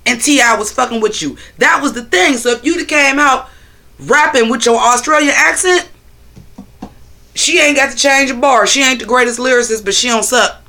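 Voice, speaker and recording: Bright-voiced man livestreaming. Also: very high voice, normal speed. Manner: loose, profane, reads and answers chat. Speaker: livestream host. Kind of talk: casual livestream chat with viewers. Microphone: phone.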